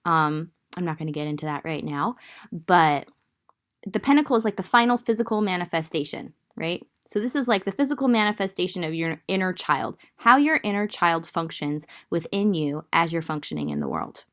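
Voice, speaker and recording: A young woman with a Southern drawl lays out tarot cards in a loose, meandering way, thinking aloud and stopping for fillers. Her voice sits a bit low for a woman. She talks like she's chatting straight to one listener. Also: lively intonation, fairly quick, fairly bright tone. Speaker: tarot reader. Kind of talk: casual tarot reading.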